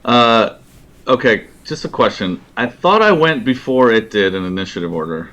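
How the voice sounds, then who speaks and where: A man's voice: medium pitch, expressive, fairly bright tone, highs cut off. A man playing a tabletop game, talking casually and unsurely. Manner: slow, unsure. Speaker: player.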